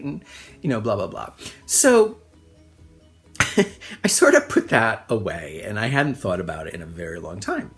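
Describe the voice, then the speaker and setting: Middle-aged guy rambling through a story, tons of um and like, pitch jumping all over, bit of music under it. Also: sing-song, moderate pace, pauses often, a bit bright. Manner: rambling, filler-heavy, self-mocking. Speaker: host. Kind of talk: personal storytelling monologue.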